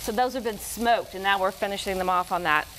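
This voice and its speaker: A woman's voice: mid-range voice, fairly quick, fairly bright tone, a little hiss or hum, low-quality recording. Friendly woman demonstrating a cocktail recipe. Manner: friendly, instructive, explains step by step. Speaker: barbecue cookbook author and guest. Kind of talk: live TV cooking demonstration. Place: TV studio kitchen.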